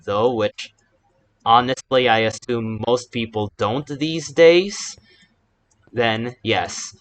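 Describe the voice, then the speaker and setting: A gaming YouTuber with a medium-pitched, slightly bright voice offers casual Let's Play commentary. He rambles as he plays, often correcting himself and drifting into asides.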